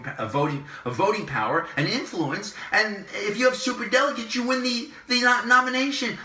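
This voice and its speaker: A man hosting his own commentary channel, delivering an impassioned monologue that repeats phrases and swings between loud and soft. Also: sits high, reverberant, recorded from a distance. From Southern California. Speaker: online commentary host.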